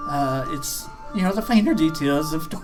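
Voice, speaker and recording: A woman's voice: low voice, lively intonation, normal speed, over music. A woman voicing a male dwarf official who stammers happily and calls people "lass.". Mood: businesslike. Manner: stammering, hearty, says "lass" and "aye".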